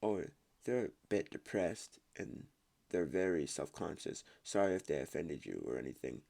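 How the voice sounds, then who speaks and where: Casting note: low, gravelly male host, casual reading, trips on words and remarks on them. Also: expressive, moderate pace, mellow. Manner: stumbles over words and comments on his reading. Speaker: host reading online stories aloud.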